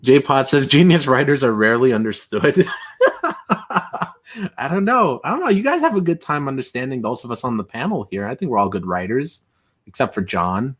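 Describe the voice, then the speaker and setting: Lively guy hosting a stream, reads chat out, laughs a lot. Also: mid-range voice, normal speed, husky. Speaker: host. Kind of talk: casual livestream chat.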